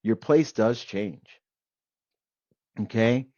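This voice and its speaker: A middle-aged man tells a story in a casual podcast chat. He talks in animated bursts and keeps checking in with "okay?" along the way. The recording is dry and a little dull. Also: fairly low pitch, very slow, no echo. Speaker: podcast host.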